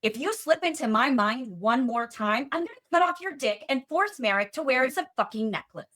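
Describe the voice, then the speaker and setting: A woman reading out the lines of a sharp-tongued, fierce young fae woman in a sassy, cursing manner. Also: high voice, animated, moderate pace.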